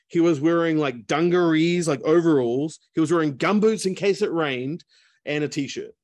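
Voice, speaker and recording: A man with a fairly high-pitched voice tells a story over a video call, chatty and casual, packed with fillers and asides. The audio is studio quality with no room sound.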